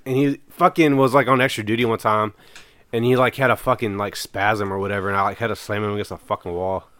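A man's voice: lowish voice, steady tone, fast, a bit bright, no room sound. Swearing man telling rambling stories. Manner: rambling, heavy with "like" fillers and swearing, laughs through stories. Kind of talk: casual profane storytelling.

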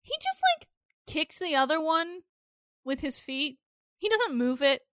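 A woman co-hosting a podcast in casual chat, animated, laughing often and swearing freely. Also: high-pitched, measured pace, dry recording, clean studio sound. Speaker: podcast co-host.

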